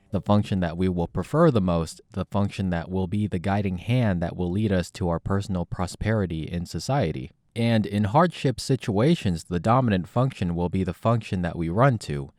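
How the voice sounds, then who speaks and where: A man's voice: low-pitched, normal speed, few pauses, a little mellow, no room sound, clean studio sound, soft background music. A man talking reflectively to camera in a casual, thoughtful vlog monologue. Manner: thoughtful, casual, slightly sardonic. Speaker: YouTuber.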